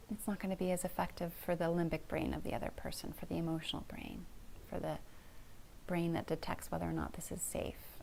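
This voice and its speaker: A middle-aged woman therapist calmly teaching a couples communication skill, gentle and encouraging, often dropping to a soft whisper. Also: medium pitch, vocal fry, a little hiss or hum. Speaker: family therapist.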